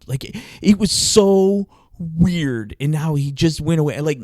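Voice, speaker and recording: A man casually telling an animated story on a podcast, laughing often. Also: a little high, normal speed, no room sound. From Arizona, US. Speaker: podcast host.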